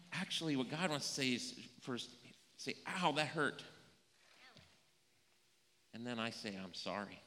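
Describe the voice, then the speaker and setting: A man giving a playful children's sermon in a church. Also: mid-range voice. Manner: animated, playful, acts out little scenes. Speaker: pastor giving a children's message. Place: church sanctuary. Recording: echoey church room.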